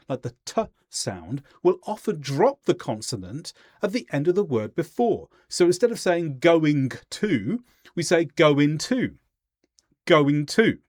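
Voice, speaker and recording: Man, English teacher, lesson narration, fairly high voice, very animated pitch, deliberate and clear. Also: dry recording, clean studio sound. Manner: clear, deliberate, demonstrates example sentences slowly.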